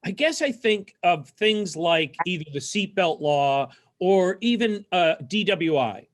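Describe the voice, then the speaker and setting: A man with a notably high voice hosts a casual civic interview over a video call. He talks earnestly, musing aloud and letting sentences trail off softly. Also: animated, measured pace. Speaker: talk show host.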